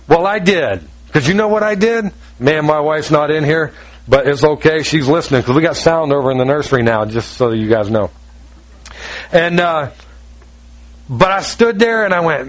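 A pastor delivering a sermon with a notably high voice for a man. He is middle-aged and folksy, joking with his listeners and acting out bits of conversation as he goes. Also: expressive, measured pace, poor audio. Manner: folksy and joking, acts out dialogue.

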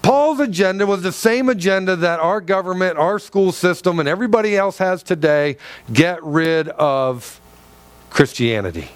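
A man preaching with a high, lively voice, acting out the voices of the people in his story. The sound is dry and close, with no room echo behind him. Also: normal speed, clean tone. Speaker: pastor. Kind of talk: sermon.

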